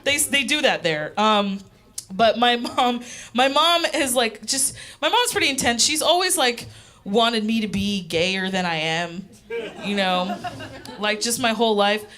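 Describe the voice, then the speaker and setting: A woman's voice: fairly high pitch, expressive, a little slow, a bit bright. A young woman doing stand-up comedy on a small theater stage, chatty and full of fillers. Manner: chatty, full of "like" and self-interruptions. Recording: live audience laughter in small theater.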